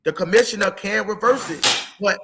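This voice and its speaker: A man's voice: sits high, a little fast, noisy background. A man ranting heatedly about football in a casual sports talk, profane and emotional. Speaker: co-host.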